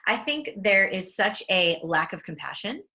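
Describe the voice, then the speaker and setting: A woman interviewing a guest in a measured, earnest way, with frequent fillers. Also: medium pitch, very animated, sharp tone. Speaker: interviewer, author. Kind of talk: conversational interview.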